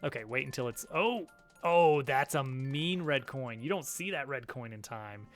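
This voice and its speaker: A man's voice: mid-range voice, lively intonation, normal speed, soft background music. A man streaming a video game, chatting casually and chuckling between asides. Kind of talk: casual chat while playing a game.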